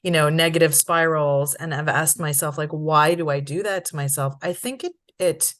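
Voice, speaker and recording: A woman's voice: low-pitched, fairly even intonation, moderate pace, a bit bright. A woman hosting a podcast, reflective and thoughtful, often checking in with "you know" and "right". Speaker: podcast host. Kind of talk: casual podcast conversation.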